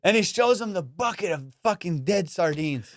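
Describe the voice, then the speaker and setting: High-voiced man telling a profane story. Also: moderate pace, dry recording, studio quality. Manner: profane, animated, acts out voices in his stories. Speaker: podcast host. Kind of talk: casual comedic storytelling.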